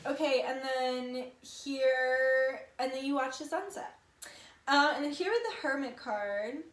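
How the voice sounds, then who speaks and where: A woman in her twenties giving a casual tarot reading, chatty and full of filler words and swearing. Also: sits high. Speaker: tarot reader. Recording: echoey room.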